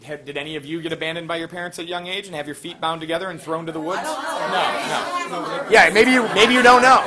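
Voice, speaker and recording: A male teacher retelling an ancient myth to his class in a jokey, slangy, animated way, with many fillers. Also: a little high, fast talker, over a noisy crowd, heavy background noise. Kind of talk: classroom storytelling lecture. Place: classroom with students.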